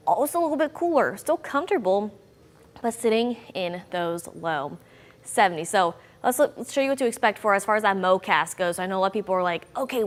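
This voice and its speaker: A young woman delivers a TV weather forecast in a friendly, conversational way, lifting her voice on key words. Her voice sits mid-range, and a long reverb trails behind it. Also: mid-range voice. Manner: upbeat, conversational, bouncy emphasis. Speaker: TV meteorologist.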